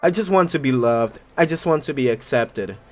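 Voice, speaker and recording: A man's voice: mid-range voice, animated, moderate pace, a little mellow, lightly acted. A man voicing a lonely, despairing young man.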